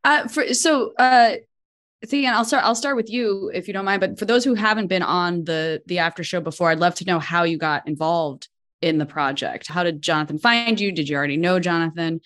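A woman's voice: on the low side, fairly bright tone. Upbeat woman hosting a live after show. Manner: upbeat, quick reactions, asks questions. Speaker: host.

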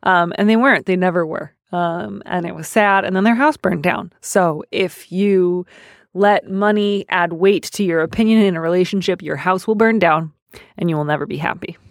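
Wry low-voiced woman podcast host. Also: normal speed, vocal fry, no room sound, studio quality. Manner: wry, chatty, laughs at own jokes. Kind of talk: casual advice chat. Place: studio.

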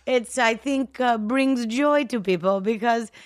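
A woman's voice: a little high, unhurried, dry recording, studio quality. Bubbly, laughing woman in casual chat. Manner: bubbly, laughs often, excitable. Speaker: actress guest.

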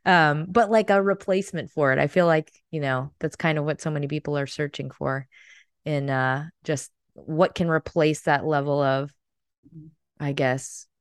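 A woman's voice: deep voice, fairly even intonation, normal speed, smooth, no room sound, studio quality. A woman hosting a casual interview podcast, effusive and giggly, with many fillers. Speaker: podcast host.

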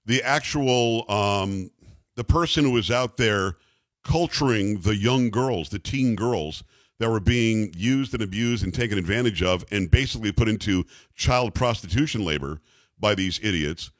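A man's voice: on the low side, normal speed, no room sound. A man hosting a talk radio show, joking and teasing his co-host in casual banter.

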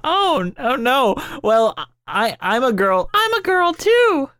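A man's voice: very high voice, very animated, takes it slowly, pushed and bright, clear, resonant tone, voice pushed up, exaggerated voice. A man voicing a swooning young woman in a comedic podcast bit, breathless and theatrical.

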